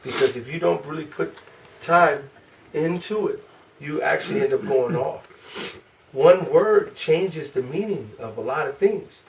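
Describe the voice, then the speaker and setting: A man's voice: fairly high pitch, lively intonation, measured pace, gravelly. A man teaching an informal class, talking in a loose, rambling way with many restarts, picked up by a camera across the room. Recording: distant from the mic, faint room noise.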